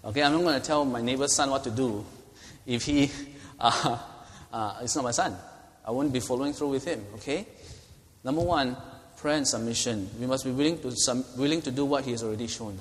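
A man's voice: mid-range voice, a little fast. A middle-aged man, teaching a Bible study as pastor in a conversational way, often checking in with "okay?". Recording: long hall reverb.

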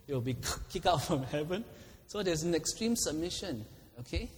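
A man's voice: on the high side, expressive, moderate pace, long reverb tail, slight background noise. A man preaching a sermon, laughing often and acting out quoted prayers.

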